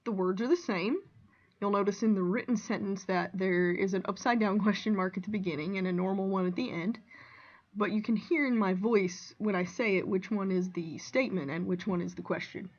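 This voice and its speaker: A woman Spanish teacher explaining grammar in a clear, deliberate way, reading out example sentences and translating them. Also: medium pitch, lo-fi sound. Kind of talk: recorded classroom lesson.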